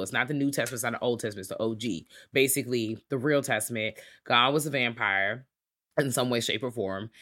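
Chatting casually on a podcast, this co-host speeds through a TV series recap full of slang and swearing. Characters get acted out with wild pitch swings, keeping the whole thing animated.

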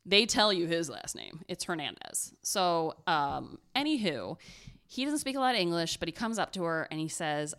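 A woman's voice: fairly low pitch, big pitch swings, moderate pace, a bit bright. Chatty young woman telling a story. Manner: chatty, rambling with fillers and laughs. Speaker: podcast co-host telling a true crime story. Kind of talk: casual chat.

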